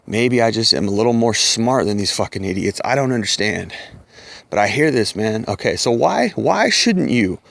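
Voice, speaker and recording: A man's voice: fairly low pitch, expressive, normal speed, vocal fry, fairly bright tone, no room sound. A middle-aged man ranting bluntly to camera, scornful and profane, sometimes mocking the voices of other people. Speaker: commentator.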